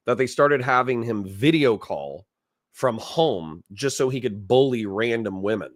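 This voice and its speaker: A man's voice: medium pitch, expressive, measured pace, dry recording, clean studio sound. A man giving casual live-stream commentary, chatty, laughing often and reading out chat messages. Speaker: streamer reacting to a debate.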